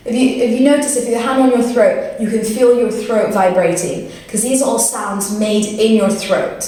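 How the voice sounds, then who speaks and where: A young British woman teaching English pronunciation, with slow, patient, encouraging drills. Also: a little high, steady tone, mellow. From Britain. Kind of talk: pronunciation lesson. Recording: very echoey room, mic far off, faint noise.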